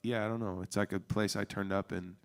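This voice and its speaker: A man's voice: lowish voice, fairly even intonation, a little fast, smooth. A man from Oregon, a musician guest in a casual radio interview, talking in a loose, playful, joking way in a radio studio.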